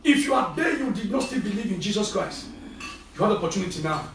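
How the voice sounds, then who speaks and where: A man with a Nigerian accent preaching a fervent sermon, often shouting as he preaches. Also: high voice, animated, quick pace, a little hiss or hum. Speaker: prophet preacher. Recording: very echoey, from far off.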